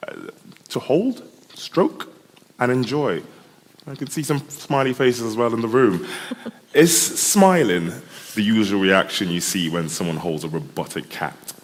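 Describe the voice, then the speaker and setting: Man interviewing someone onstage, bouncy voice, hall echo. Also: mid-range voice. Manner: curious, quick questions. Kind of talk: on-stage chat. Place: festival hall.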